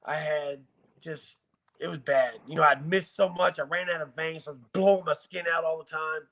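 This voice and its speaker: A man's voice: on the high side, steady tone, normal speed, vocal fry, bright, forceful tone. A man from Virginia bluntly recounting hard times in a casual, profane, emotional interview. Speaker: guest telling his life story.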